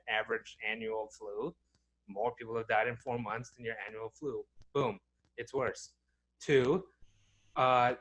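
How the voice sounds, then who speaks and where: A man's voice: medium pitch, a bit bright. Young guy rambling on a podcast, lots of ums and restarts. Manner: rambling, many fillers and restarts. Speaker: podcast co-host. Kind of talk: casual chat.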